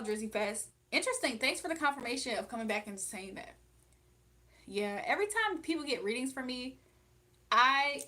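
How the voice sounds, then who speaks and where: A woman's voice: mid-range voice, pushed and bright. Blunt, outspoken woman streamer. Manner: blunt and outspoken, laughs often. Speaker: livestream host reading chat. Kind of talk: casual live chat.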